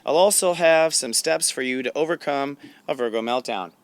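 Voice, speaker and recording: A man with a smooth, resonant voice hosts a spiritual guidance talk. He speaks in a chatty, animated and self-assured way, coaching his viewers as a sensei would. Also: medium pitch, moderate pace, no echo. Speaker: spiritual intuitive host.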